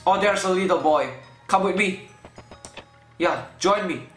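A man hosting a let's play, excitable and swearing constantly, with loud panicked outbursts. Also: high-pitched, unhurried. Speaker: gaming channel host. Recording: roomy room sound with faint game music. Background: faint game music.

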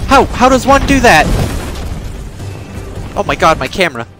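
A man streaming a horror game, commenting in an excitable way, swearing and yelping at scares. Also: sits high, moderate pace. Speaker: gaming streamer. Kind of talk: let's play commentary. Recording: game sounds and music behind voice.

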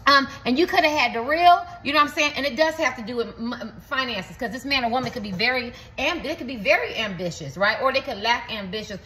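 A woman's voice: on the high side, fast, hardly any pauses, bright, forceful tone. Rambling woman giving a blunt reading. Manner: repetitive, rambling, blunt, swears. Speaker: tarot reader. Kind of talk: casual spoken reading to camera.

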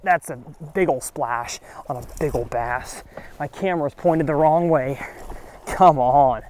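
A man, hosting a fishing vlog from a boat outdoors, excitedly exclaiming and talking to the fish as he catches them. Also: fairly high pitch, unhurried, a little hiss or hum. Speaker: fishing channel host.

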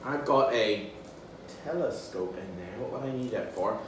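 Male teacher, animated children's phonics lesson, recorded from a distance, faint hiss. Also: on the low side. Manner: playful, animated, slow and drawn out for young learners. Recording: echoey room, mic at a distance, faint background noise.

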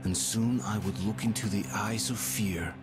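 An actor playing a young male hero who narrates his journey in a quiet, somber way. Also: on the low side, steady tone, moderate pace, music in the background, natural voice, poor audio. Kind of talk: in-game narration.

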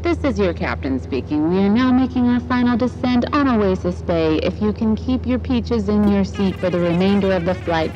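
A woman's voice: medium pitch, lively intonation, normal speed, hardly any pauses, dull audio, background noise, voice pushed down, natural voice. A woman voicing a breezy female airline captain who makes mock-formal cabin announcements.

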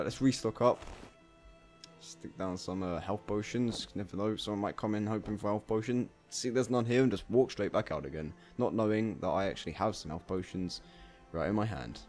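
A man doing casual let's play commentary, talking to himself and bursting into loud swearing exclamations. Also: lowish voice, moderate pace, soft background music. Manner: chatty self-talk, swearing, bursts of exclaiming. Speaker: gameplay commentator.

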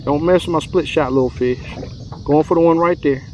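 A man's voice: fairly high pitch, fairly quick, darkish tone, a little hiss or hum. A man, chatting casually to viewers while fishing from a boat on a lake. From Texas. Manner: chatty, drawling, addresses viewers as y'all. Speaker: fishing guide. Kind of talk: casual fishing vlog commentary.

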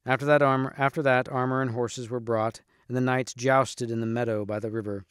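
Smooth-voiced man reading a storybook. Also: medium pitch, no room sound, clean studio sound. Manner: measured, expressive. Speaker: reader. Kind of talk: storybook read-aloud.

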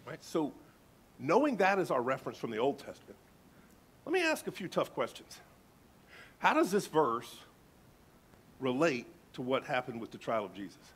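A man's voice: medium pitch, very animated, fairly quick, long pauses, breathy edge. A male pastor preaching a sermon, reading scripture emphatically and dramatically.

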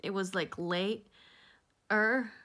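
A woman's voice: mid-range voice, fairly even intonation, very slow, bright, forceful tone. Giggly, tired woman rambling to camera. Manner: giggly, rambling, drops into whispered asides. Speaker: vlogger. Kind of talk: casual rambling vlog chat. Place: at home indoors.

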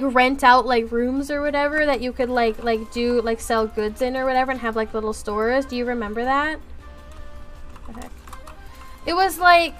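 High-pitched rambling woman streamer. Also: a bit bright. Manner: rambling, full of filler words. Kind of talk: casual gaming chat.

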